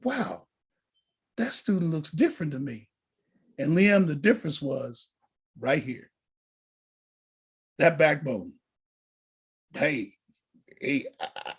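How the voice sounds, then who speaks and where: A man who is a deacon, teaching a college prep lesson to students in an animated, preacher-like way over a video call. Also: on the high side, slightly rough.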